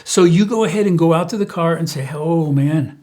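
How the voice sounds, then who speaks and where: A man's voice: sits high, fast, a little mellow. A middle-aged man hosting a parenting channel, giving casual, conversational advice to camera with frequent fillers and restarts.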